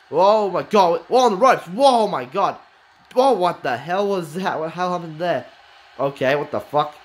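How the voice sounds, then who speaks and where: A man with a high voice and a light lilt calls a wrestling video game match blow by blow. He is excitable, exclaims often and swears freely. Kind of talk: excited play-by-play commentary.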